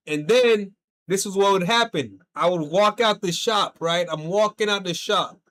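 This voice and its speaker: A male game streamer from the United States chats casually over his gameplay. He rambles through a long personal story, swearing freely and filling it with slang. His voice sits a little high for a man. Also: normal speed, fairly bright tone. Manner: rambling, profane storytelling full of "bro" and "like". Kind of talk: casual chat while streaming.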